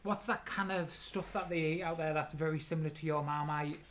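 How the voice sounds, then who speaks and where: Guy co-hosting a live quiz chat, teasing and bickering, voice sits a bit high. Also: steady tone, slight background noise. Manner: chatty, teasing, quick to argue. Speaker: co-host. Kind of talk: casual live-stream chat.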